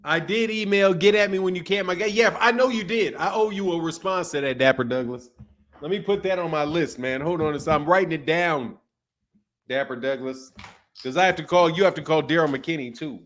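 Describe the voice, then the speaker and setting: A man's voice: fairly high pitch, fairly quick, a bit bright. A man hosting a casual livestream, loosely greeting viewers by name in a chatty way. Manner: loose and chatty, reads viewer names aloud. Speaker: livestream host.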